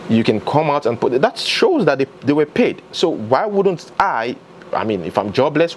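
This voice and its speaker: A man's voice: mid-range voice, slight background noise, rough recording. A man hosting entertainment news, giving chatty, opinionated commentary and talking straight to his viewers.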